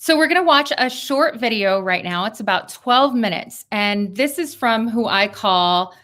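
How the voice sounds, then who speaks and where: A woman giving a lively workshop talk over a video call, coaching and laughing often. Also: fairly high pitch, measured pace. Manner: talks of thousands of hours on video calls. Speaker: speaker on persuasion.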